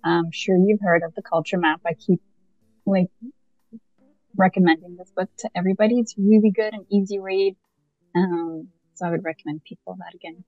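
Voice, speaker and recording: A woman's voice: on the low side, normal speed, no echo, faint music behind. Chatty young woman on dull call audio. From Canada. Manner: chatty, animated, with frequent fillers and laughs. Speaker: podcast guest. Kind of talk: casual conversation.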